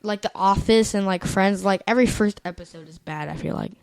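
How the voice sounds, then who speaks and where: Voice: mid-range voice, brisk, vocal fry, no echo. A podcast co-host chatting casually and telling jokes, saying "like" a lot. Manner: uses "like" a lot, jokey. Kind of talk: casual chat.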